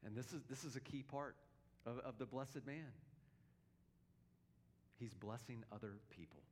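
A man's voice: mid-range voice, measured pace, a little hiss or hum. A male pastor preaching a sermon in an earnest, emphatic way, often repeating his words.

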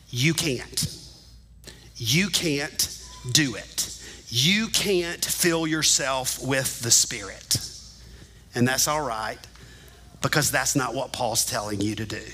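A man's voice: medium pitch, sharp tone, low-quality recording. A male pastor preaching a sermon, teaching animatedly and speaking directly to the congregation in a church sanctuary.

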